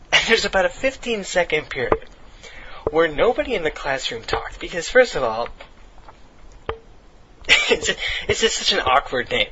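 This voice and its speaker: A man's voice: a little high, very animated, measured pace, pauses often, sharp tone, lo-fi sound, a little hiss or hum. A teenage man in his late teens who tells a rambling story between game commentary, laughing and swearing casually.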